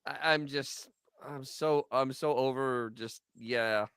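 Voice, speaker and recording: A man from Staten Island talks in a rambling, sarcastic way, restarting his sentences often. His voice is bright and clear, and it moves up and down a lot. The recording is dry and close. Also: medium pitch, fairly even intonation, takes it slowly, no room sound. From Staten Island, New York. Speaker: podcast co-host. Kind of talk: casual commentary chat.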